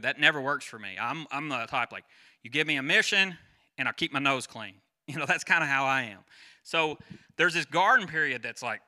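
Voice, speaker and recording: A pastor in his forties giving a conversational sermon, chatty and quick to quiz the congregation and wander off on side stories. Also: mid-range voice, pushed and bright. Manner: chatty, asks the crowd questions, goes off on tangents.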